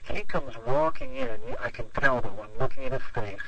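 A man's voice: mid-range voice, wildly swooping pitch, moderate pace, vocal fry, background noise. A man who is a pastor, telling a long story in an interview, rambling with lots of "you know" fillers. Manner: rambling, full of 'you know' fillers.

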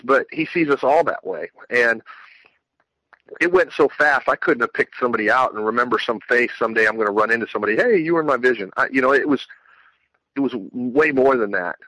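Man, bright tone, dry close mic, earnest testimony with lots of restarts. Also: mid-range voice, no room sound, poor audio. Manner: earnest, rambling, many restarts. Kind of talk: personal religious testimony.

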